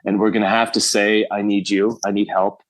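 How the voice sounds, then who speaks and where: A man's voice: fairly low pitch, level tone, brisk, dry recording. A man guest on a podcast, talking earnestly and often laughing as he speaks. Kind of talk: casual interview chat.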